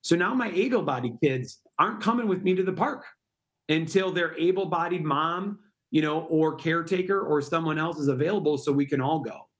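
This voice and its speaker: A man's voice: on the high side, brisk. A middle-aged man, a guest on a talk show, explaining his project in an earnest and persuasive way. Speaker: guest, park project founder. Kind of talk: interview answers.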